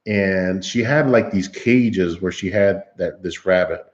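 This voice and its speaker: A livestream host with a low-pitched voice takes his time telling his chat a long, laughing story. The audio has its highs cut off, and he rambles casually with many restarts.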